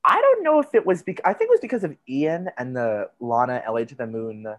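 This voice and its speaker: A man's voice: medium pitch, very animated, lo-fi sound. A young man from New Jersey, a podcast guest in casual chat, talking loosely and packing his sentences with "like" and restarts. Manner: chatty, heavy use of "like", quick restarts.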